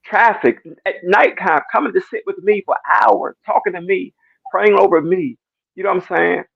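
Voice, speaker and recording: A man's voice: high-pitched, moderate pace, gravelly, no echo, lo-fi sound. A man giving an emotional church testimony, stammering and repeating himself, close to tears. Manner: repetitive, stammering, keeps asking "you know what I'm saying". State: near tears. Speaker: speaker in a church discussion.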